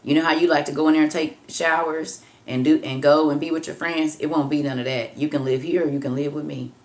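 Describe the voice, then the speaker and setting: A woman's voice: low-pitched, steady tone, fast. A woman in her fifties hosting a casual livestream, reading out comments and preaching firm advice with emphatic repetition. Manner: emphatic, preachy, repeats "I'm trying to tell you".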